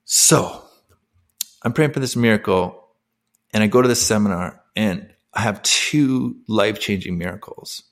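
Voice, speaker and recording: As a guest in an interview, a man in his forties with a lowish voice shares his personal story at a measured pace. He's a former athlete who became a coach, and he talks candidly and emotionally, with frequent fillers.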